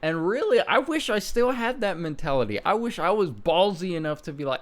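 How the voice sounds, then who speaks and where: A man's voice: high voice, very animated, brisk, hardly any pauses. A young adult man hosting a casual commentary video, mocking himself with jokes as he looks back. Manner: self-mocking, joking, laughs at himself. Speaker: YouTuber host.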